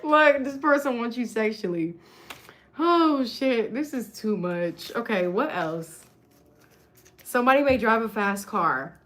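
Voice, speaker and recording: A woman's voice: fairly high pitch, lively intonation, measured pace, a bit bright. A woman, giving a casual, chatty tarot reading to camera with lots of slang and giggling. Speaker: tarot reader.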